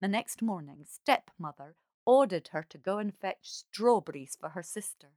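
A woman reading a fairy tale aloud as a calm, measured storyteller. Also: medium pitch, dry recording, clean studio sound.

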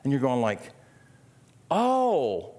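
A man's voice: mid-range voice, sing-song, moderate pace. A middle-aged man preaching a sermon in a conversational way, often asking the listeners rhetorical questions. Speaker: pastor.

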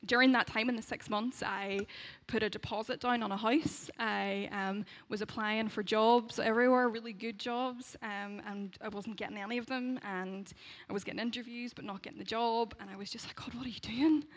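A Northern Irish woman in her thirties shares a personal faith testimony. She is lively and laughs along with her own story, acting out the voices she quotes. Her voice sits a touch higher than most women's. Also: normal speed, hardly any pauses. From Derry, Northern Ireland. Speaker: speaker sharing a faith testimony.

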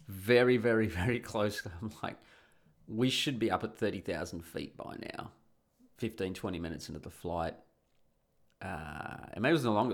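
An adult man casually telling a rambling, profane travel anecdote, often laughing as he talks. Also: lowish voice. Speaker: storyteller.

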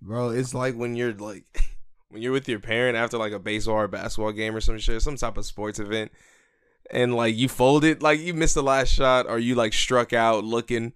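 A man's voice: mid-range voice, fairly even intonation, clear, resonant tone, no echo, studio quality. A young man co-hosting a podcast, joking around and playfully protesting. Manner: joking, teasing and quick to protest. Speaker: podcast co-host. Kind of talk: casual chat.

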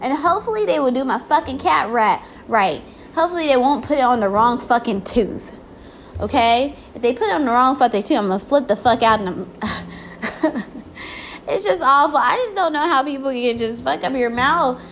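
High-pitched woman vlogging, cussing and venting, fed up, faint noise behind. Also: animated, moderate pace, fairly bright tone. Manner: profane, exasperated ranting. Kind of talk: casual venting vlog.

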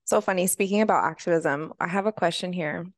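A woman's voice: on the low side, a little fast, no echo. Upbeat woman podcast host, dry sound. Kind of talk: casual interview chat.

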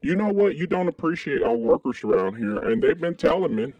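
A man from Kentucky co-hosting a crude comedic podcast, talking in an animated way with sudden high exclamations. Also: brisk, dry recording, dull audio. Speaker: podcast co-host.

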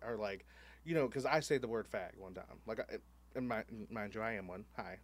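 A man's voice: lowish voice, a little fast. A man hosting a podcast in casual chat, telling stories candidly and animatedly, with plenty of swearing and fillers. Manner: candid, profane, animated storytelling with many fillers. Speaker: podcast host.

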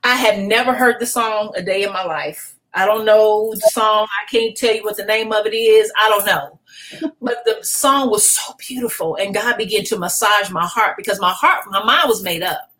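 Middle-aged woman pastor, podcast guest; emotional, animated testimony, frequent restarts. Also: medium pitch, normal speed, low-quality recording. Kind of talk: personal testimony in a podcast interview.

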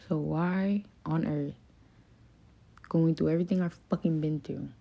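Low-voiced woman venting profanely. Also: fairly even intonation, unhurried, vocal fry, mellow. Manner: frequent fillers like "like" and "um". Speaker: podcast host. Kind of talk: confessional solo monologue.

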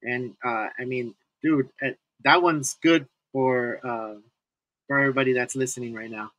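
A man's voice: medium pitch, fairly even intonation, moderate pace, fairly bright tone, no room sound, poor audio. A man co-hosting a casual fantasy baseball podcast, laughing often and restarting his sentences. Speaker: podcast co-host. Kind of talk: casual sports chat.

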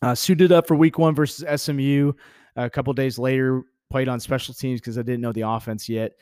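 Young male podcast host from Texas, casual storytelling, blunt and profane, mid-pitched, dry close sound. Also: fairly even intonation, a little fast, a little mellow, smooth, dry recording. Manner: candid, profane, heated with laughs.

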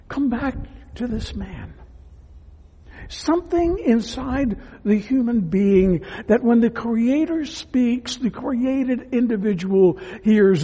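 A man preaching a sermon as a pastor, earnest and emphatic, at times dropping to a hush. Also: high-pitched, slightly rough, big-room sound, highs cut off. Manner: earnest, emphatic preaching that drops to hushed tones.

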